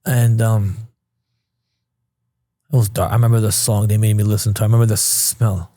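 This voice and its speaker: A man's voice: fairly low pitch, flat delivery, normal speed, mellow, dry recording, studio quality. A man in his thirties from Queens, New York, a podcast guest telling his life story candidly and casually, swearing freely and acting out past conversations. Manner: blunt, swears freely, retells scenes with quoted dialogue.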